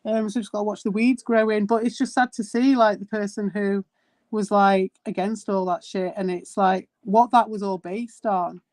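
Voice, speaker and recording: A woman's voice: medium pitch, fairly even intonation, moderate pace, a little mellow, no echo. A woman streamer in casual chat, blunt and exasperated, swearing a lot.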